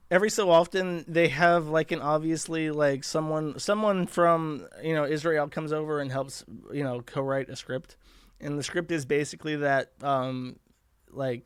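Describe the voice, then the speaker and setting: A man's voice: a little high, normal speed, clear, resonant tone, no echo, studio quality. A man hosting a podcast, talking in a crude, sarcastic, rambling way as he comments on posts. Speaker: podcast host. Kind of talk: casual commentary.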